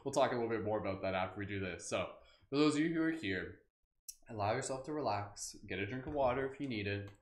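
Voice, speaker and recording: A man's voice: lowish voice, lively intonation, fast, roomy sound, a little hiss or hum. A man hosting a live guided meditation, playful and goofy, chatting loosely with lots of filler words. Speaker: meditation host.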